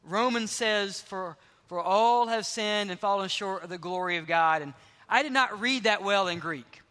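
High-voiced pastor preaching in echoing hall. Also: male voice, normal speed. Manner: emphatic preaching, dropping to hushed tones for stress. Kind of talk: sermon. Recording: long hall reverb.

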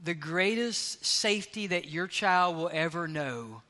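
A man preaching a sermon as pastor, emphatic, slowing down on key phrases. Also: fairly high pitch, animated, pushed and bright, long reverb tail.

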